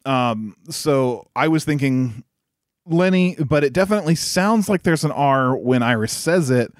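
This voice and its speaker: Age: adult. Role: chatty podcast co-host, laughs often. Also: male voice, medium pitch, a little slow, no echo, clean studio sound. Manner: animated, laughs often, many "like" fillers. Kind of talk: casual chat.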